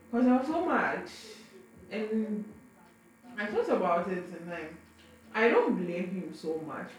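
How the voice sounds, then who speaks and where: This young adult woman has a fairly low, darkish voice. A vlogger, she tells a personal story to camera casually and frankly, often tripping over and repeating words, in a very echoey room with faint background noise.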